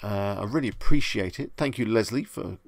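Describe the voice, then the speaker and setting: A man's voice: on the low side, a little fast, gravelly, no echo. A young man with a Bedfordshire English accent, hosting a live stream and chatting easily with viewers as he answers their questions. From England. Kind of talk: casual live stream chat. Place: home room at night.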